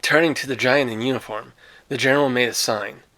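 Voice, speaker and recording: A man's voice: mid-range voice, fairly even intonation, brisk, pushed and bright. A man reading a short story aloud with dramatic phrasing and casual, offhand asides. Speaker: reader.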